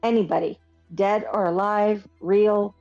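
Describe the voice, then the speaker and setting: A woman hosts a casual podcast, reading out listener questions in a brisk way. The audio is a little dull, with faint music behind her. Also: medium pitch, fairly even intonation, a little mellow. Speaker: podcast host.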